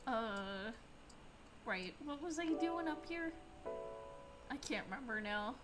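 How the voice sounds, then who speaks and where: A woman's voice: a little high, animated, slow pace, music in the background. A woman streaming a video game, making sleepy, amused, casual comments while yawning.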